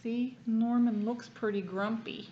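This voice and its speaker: A woman's voice: fairly high pitch, unhurried, muffled recording, slight background noise. A woman reading a picture book aloud to a child, pointing out what is in the pictures as she goes. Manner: lively, explains the pictures as she reads.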